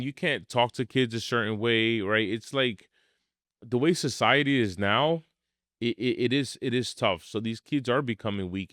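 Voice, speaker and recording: A man's voice: mid-range voice, fairly bright tone, dry recording, studio quality. A middle-aged man, a martial arts school owner telling blunt, emphatic stories in a podcast interview.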